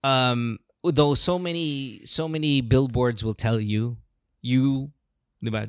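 A man's voice: medium pitch, animated, a little slow, no room sound, clean studio sound. A man hosting a call-in advice show, blunt and profane with emphatic stresses. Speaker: host. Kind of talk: casual advice chat.

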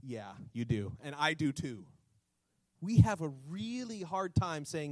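A man pastor preaching a sermon, animated, asking the congregation rhetorical questions and acting out little scenes. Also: fairly high pitch, unhurried, no room sound, low-quality recording.

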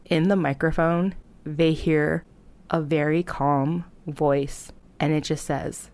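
A woman's voice: deep voice, fairly even intonation, takes it slowly, darkish tone. A young woman casually retelling a horror story in a chatty way, full of filler words and disgusted reactions.

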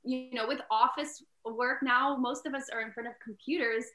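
A woman with a bright, crisp, fairly high voice gives an earnest, casual interview as an entrepreneur. She scatters "like" through her sentences and pushes her points with emphasis. The room around her rings with echo. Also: fairly even intonation, moderate pace. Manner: earnest, peppered with "like", grows loud and emphatic. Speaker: entrepreneur and inventor, interview guest. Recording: echoey room.

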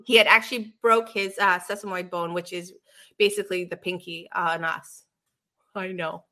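A woman with a bright, clear voice talks in a relaxed, chatty way. She tells stories with animated swings between loud and soft. She sounds like a co-host easing into a conversation about meditation. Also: lowish voice, moderate pace. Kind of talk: casual spiritual chat.

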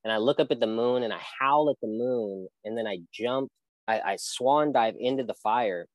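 A man's voice: medium pitch, normal speed, no echo, poor audio. A young man, a guest on an interview show, telling a personal story in an earnest, rambling way with many restarts. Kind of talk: personal testimony in a casual interview.

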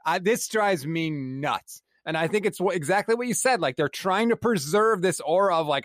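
A man's voice: high-pitched, animated, moderate pace, hardly any pauses, fairly bright tone, dry recording, clean studio sound. A man co-hosting a sports podcast, ranting in exasperation and swearing freely. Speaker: podcast co-host. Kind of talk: heated sports podcast rant.

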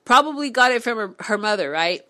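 A woman reading a novel aloud on camera, breaking off into excitable, swearing reactions. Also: fairly high pitch, brisk. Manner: animated, swearing, excitable asides. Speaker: book reader vlogger. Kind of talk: casual read-aloud with reactions.

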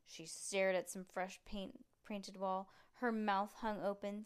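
A woman reading a children's book aloud to a child at home, with relaxed, chatty asides. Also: medium pitch, slow pace, clean tone. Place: room at home.

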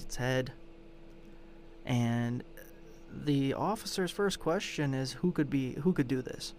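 A show host with a medium-pitched voice recaps a true-crime story in a casual, rambling way. He swears out of exasperation as he retells it, with slight background noise in the recording.

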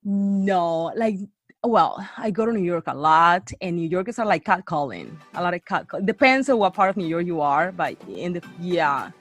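A woman telling a story in casual chat, animated, acting out quotes and saying "like" a lot. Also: normal speed, dry recording, soft background music. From Bay Area. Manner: animated, acts out quotes in a high voice, lots of "like".

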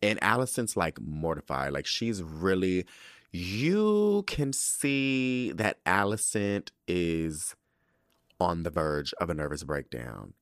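A man hosting a podcast, recapping a TV episode in an animated, profane, sassy storytelling way. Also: deep voice, slow pace, smooth, no echo, studio quality. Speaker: podcast host.

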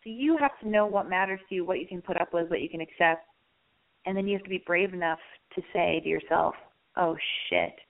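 Her voice is lowish and worn raspy as she loses it, and she moves at a quick pace over phone-quality sound. She hosts a laid-back call-in radio advice program, rambling frankly and swearing a lot.

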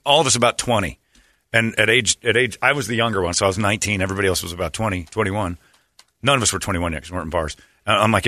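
A middle-aged man hosting a radio talk show, telling crude jokes and stories in loud, animated banter. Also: on the low side, very fast, no room sound, studio quality. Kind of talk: casual comedic banter.

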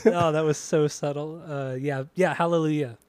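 A man's voice: a little high, steady tone, moderate pace, a little mellow, clean tone, no echo. A man hosting a podcast in casual chat, teasing his co-host and laughing easily. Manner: easygoing, teasing, laughs often.

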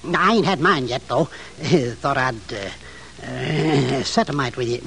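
An actor in an old radio drama playing a nosy, chatty old hotel clerk with a gossipy, nervous drawl. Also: male voice, medium pitch, slow pace, creaky, a bit bright, slightly rough, heavily acted. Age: older. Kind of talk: 1950s radio drama acting. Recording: old radio broadcast with faint noise.

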